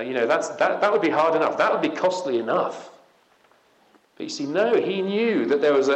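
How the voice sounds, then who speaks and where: A man giving an evangelical conference talk, conversational and punchy, with emphatic rising passages. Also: a little high. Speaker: conference speaker. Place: conference hall. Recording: echoey hall.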